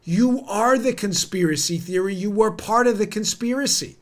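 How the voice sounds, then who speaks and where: A man's voice: high-pitched, normal speed. A man hosting a podcast, delivering heated, sarcastic political commentary straight to his listeners. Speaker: podcast host.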